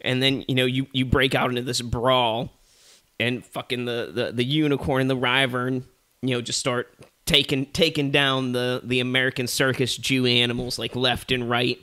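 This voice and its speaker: Bright-voiced rambling male podcast host. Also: medium pitch, level tone, moderate pace. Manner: rambling, profane, many fillers. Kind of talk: comedic storytelling.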